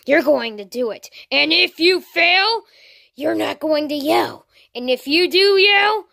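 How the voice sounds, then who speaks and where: Woman, toy-figure skit, high creaky voice, slow delivery, dry sound. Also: lively intonation, no echo. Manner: switches between voices with sudden shouts.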